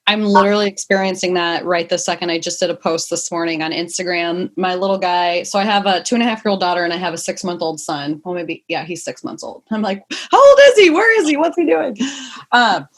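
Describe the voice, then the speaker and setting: A woman's voice: fairly low pitch, fairly even intonation, quick pace, few pauses. A young woman, a mother of two, talking casually and at length as a podcast guest, rambling and emphatic. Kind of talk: casual interview chat.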